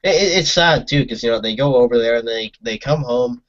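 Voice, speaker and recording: A man's voice: mid-range voice, fairly quick, fairly bright tone, dry recording, muffled recording. A man from Canada co-hosting a casual talk show, speaking in a rambling way with repeated words. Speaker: co-host. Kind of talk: casual opinion chat.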